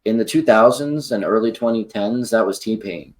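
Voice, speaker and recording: A man co-hosting a casual sports and music podcast, excitable and given to loud exclamations. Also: on the low side, normal speed. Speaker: podcast co-host.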